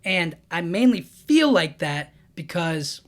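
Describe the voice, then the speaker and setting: A man's voice: a little high, sing-song, takes it slowly. A young man casually recapping a comic chapter, rambling with many 'you know what I mean' fillers. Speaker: manga breakdown YouTuber.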